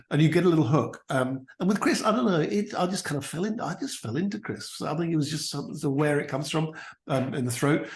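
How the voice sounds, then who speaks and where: A man, an impressionist, chatting in an animated way in an interview and slipping into brief voices. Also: on the high side, fast talker, reverberant. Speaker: impressionist and actor, interview guest. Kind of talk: casual interview chat.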